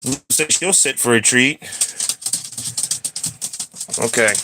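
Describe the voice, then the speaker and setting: A man's voice: mid-range voice, takes it slowly, over music. A man, chatting on a live stream and talking to his cats in a playful sing-song. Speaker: streamer hosting a claw-machine game. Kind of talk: casual live-stream chat.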